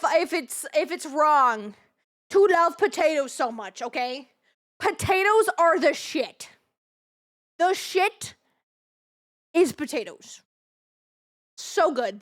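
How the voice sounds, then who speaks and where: Very high-voiced excitable young woman. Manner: rambling, excitable, swears freely, repeats herself. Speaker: streamer. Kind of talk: casual live-stream chat.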